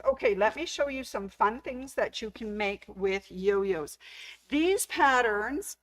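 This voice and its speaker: A woman's voice: mid-range voice, poor audio. A middle-aged woman hosts a casual show-and-tell for her sewing store. She is chatty and enthusiastic and keeps gushing over how cute each piece is. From Canada.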